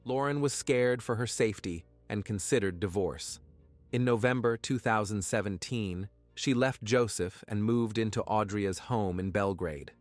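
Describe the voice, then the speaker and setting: A man giving scripted true-crime narration in a measured, even way. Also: on the low side, dry recording, soft background music.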